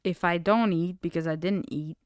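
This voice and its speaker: A woman's voice: on the low side, fairly even intonation, normal speed, smooth, no room sound, studio quality. A young woman, chatting casually and rambling on her late-night livestream, saying "like" often and swearing lightly. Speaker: live streamer.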